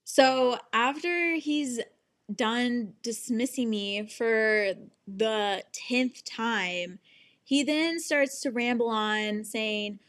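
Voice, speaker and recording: Slow-talking exasperated young woman. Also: on the high side. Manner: exasperated, swears freely, acts out quotes. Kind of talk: casual storytime monologue.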